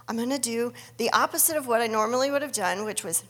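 Middle-aged woman sharing an earnest testimony, slightly high and breathy. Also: fast talker, hardly any pauses, fairly bright tone, big-room sound. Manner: earnest, storytelling, acts out her own inner dialogue. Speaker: speaker sharing a faith testimony. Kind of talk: personal testimony talk.

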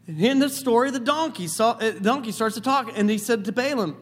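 Man, pastor, sermon, lively storytelling, high voice. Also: fairly quick, hardly any pauses.

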